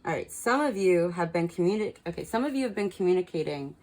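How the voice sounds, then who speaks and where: Over poor audio, a woman with a fairly low, slightly mellow voice reads tarot cards fast and with lively intonation. Her spiritual advice to viewers is frank and casual, peppered with swearing and repeated words for emphasis.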